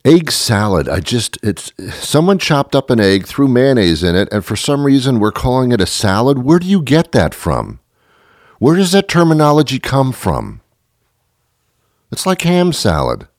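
A man's voice: mid-range voice, big pitch swings, moderate pace, no echo, clean studio sound. A man hosting a podcast, delivering a rambling, sarcastic comedic monologue full of self-mocking apologies. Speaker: podcast host.

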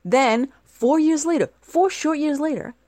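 Recorded in clean studio sound without echo, a high-voiced woman speaks at a measured pace. She's a forties-aged American who rambles on casually, lively and talkative, frequently posing questions she doesn't expect answered.

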